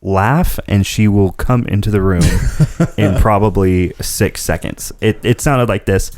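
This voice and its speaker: A man's voice: lowish voice, a little slow, darkish tone, slight background noise. A man hosting a casual podcast, telling rambling stories and laughing often. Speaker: podcast host. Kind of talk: casual chat.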